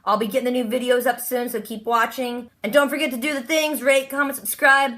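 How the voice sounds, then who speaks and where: Bright, upbeat woman vlogger. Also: a little high, steady tone. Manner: gushing, jokey, voices characters in quick asides. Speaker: vlogger recapping a TV episode. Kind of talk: casual recap chat.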